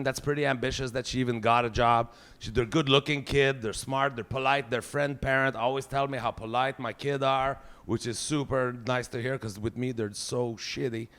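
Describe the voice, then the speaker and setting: A stand-up comedian in his forties with a Quebec French accent delivers a profane, exasperated rant as part of his routine. His voice is medium-pitched with a fairly bright tone.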